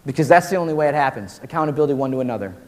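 A man in his forties preaching a casual, slangy sermon to college students, animated and full of "dude" and "man". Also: mid-range voice, rapid-fire. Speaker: pastor. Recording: long hall reverb.

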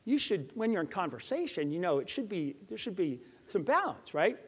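A man's voice: high-pitched, very animated, brisk, husky. A man giving a chapel sermon, telling a personal story and putting earnest questions to his listeners. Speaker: chapel speaker. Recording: echoey hall, slightly dull.

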